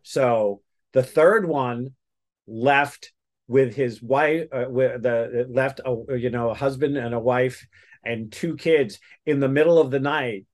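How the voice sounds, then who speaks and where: A man's voice: medium pitch, takes it slowly. A man telling a story as a guest in a casual interview, rambling with many restarts.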